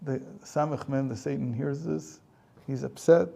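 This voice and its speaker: A man's voice: mid-range voice, steady tone, normal speed, vocal fry, warm tone. A man, a rabbi and teacher, telling a story in a conversational lecture with frequent chuckles.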